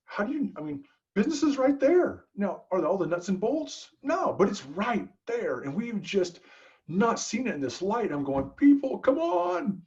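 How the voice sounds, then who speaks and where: A man holds forth as a podcast guest, swinging his voice up and down with lively, emphatic energy. He talks in a preachy, storytelling way, tossing in casual asides. The recording sounds a bit dull and muffled. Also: high voice, moderate pace. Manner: emphatic, preachy, frequent "dude" and "right?". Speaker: podcast guest, business consultant. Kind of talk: animated conversational storytelling.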